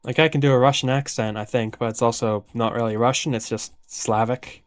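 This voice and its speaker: A man's voice: mid-range voice, fairly even intonation, brisk, clear, resonant tone. A man playing a video game and thinking aloud in casual, self-deprecating commentary.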